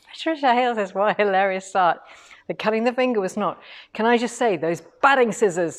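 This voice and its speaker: A middle-aged English woman with a mid-range voice hosts a quilting shop's live stream, chatty and lively as she reads out viewer comments.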